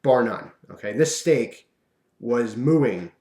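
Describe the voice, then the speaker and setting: A man's voice: mid-range voice, expressive, takes it slowly, a little mellow, echoey room. A young man telling a funny personal story in a casual, rambling way, with lots of fillers and asides.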